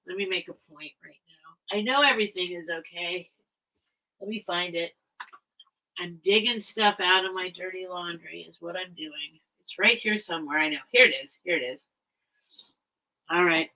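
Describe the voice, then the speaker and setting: A tearful woman hosts a live vintage sale stream, chatting casually and emotionally and rambling as she speaks straight to her viewers. Her voice is lowish, bright, and forceful, and the audio quality is poor.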